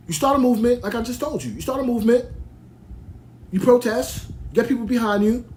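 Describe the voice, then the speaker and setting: A man's voice: very high voice, expressive, fairly quick, darkish tone, slight background noise. A man from Brooklyn, hosting a podcast in a heated, rambling rant full of restarts. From United States (Brooklyn). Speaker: podcast host. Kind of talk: ranting monologue.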